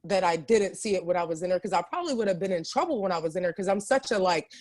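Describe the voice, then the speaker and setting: A woman's voice: fairly low pitch, lively intonation, racing, a little mellow. A woman from Ohio, a chef, talking animatedly as a podcast guest, often restarting her sentences. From Ohio, USA. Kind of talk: casual interview chat.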